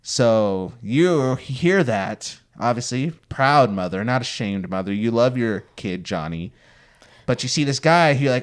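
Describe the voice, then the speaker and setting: A man's voice: medium pitch, animated, measured pace, smooth. A young man hosting a podcast, chatty and playful as he sets up hypothetical scenarios. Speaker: podcast host. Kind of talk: casual podcast chat.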